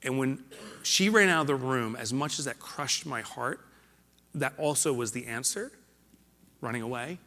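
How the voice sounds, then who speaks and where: A middle-aged man, a keynote speaker, tells a personal story in a motivational speech to a live audience, moving between loud emphasis and hushed, emotional lines. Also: mid-range voice, animated, normal speed. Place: large hall before a live audience. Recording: reverberant hall.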